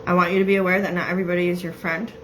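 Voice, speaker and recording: A woman's voice: on the low side, flat delivery, slight background noise, poor audio. Chatty woman medium, laughing often. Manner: chatty, laughs often, quotes the spirit in quick bursts. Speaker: psychic medium. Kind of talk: relaying spirit messages in a casual reading.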